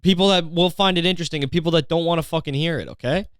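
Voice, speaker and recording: Young man, podcast host, profane sarcastic rant, smooth clear voice, dry close sound. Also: on the high side, very fast, no echo.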